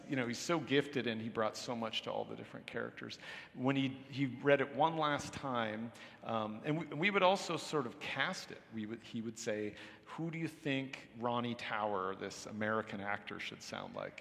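A man's voice: mid-range voice, a bit bright. A middle-aged man, an author, talking in a rambling, self-deprecating way at a live onstage interview, acting out quoted remarks. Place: hall with an audience. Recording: reverberant hall recording.

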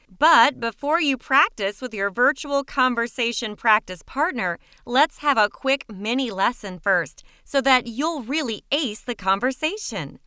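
Upbeat female presenter, scripted intro, higher voice, crisp and bright. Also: no echo, clean studio sound. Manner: upbeat, inviting.

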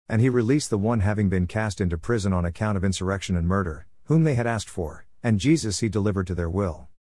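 A man reading scripture aloud in a steady, measured narration. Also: lowish voice, no room sound, studio quality. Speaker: scripture reader.

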